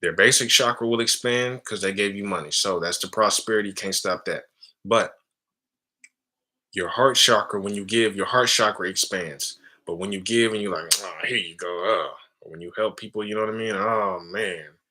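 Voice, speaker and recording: A man's voice: lowish voice, moderate pace, pushed and bright. A man giving a casual spiritual teaching talk, calling listeners family and often adding "right?". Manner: casual, addresses listeners as family, frequent tag questions.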